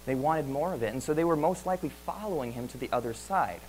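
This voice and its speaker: A man's voice: a little high, expressive, fast, darkish tone, slight background noise, rough recording. A man preaching a sermon in an earnest way, asking many rhetorical questions and often repeating words.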